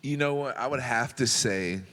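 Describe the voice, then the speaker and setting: A man's voice: medium pitch, moderate pace. A man in his thirties, a former basketball player, telling stories as an interview guest and acting out his own past words in a raised voice. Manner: animated, acts out his own quotes in a raised voice. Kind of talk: interview storytelling. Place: large indoor hall at a museum event. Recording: reverberant hall.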